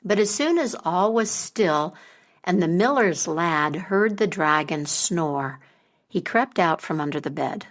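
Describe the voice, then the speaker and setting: A woman telling a folk tale as a podcast storyteller, slow and expressive. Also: fairly low pitch.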